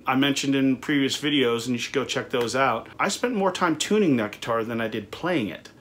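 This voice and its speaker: A man's voice: medium pitch, a little fast, fairly bright tone, a little hiss or hum. A middle-aged man who owns a recording studio, reviewing a budget guitar in a casual, conversational way with frequent fillers and restarts. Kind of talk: casual product review talk.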